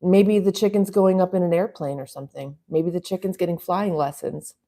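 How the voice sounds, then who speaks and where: Brief: chatty stream host, woman, rambling and relaxed, low warm tone. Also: a little fast. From US West Coast. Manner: rambling, chatty, laughs often. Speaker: livestream host reading chat. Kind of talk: casual live chat.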